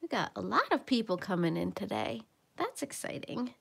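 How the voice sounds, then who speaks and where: A woman hosting a casual livestream from home while she colors. She chats along and sometimes drops into soft murmurs as she works. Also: mid-range voice, big pitch swings, normal speed, vocal fry, breathy edge. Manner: chatty, drifts into soft murmurs while working. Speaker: livestream host.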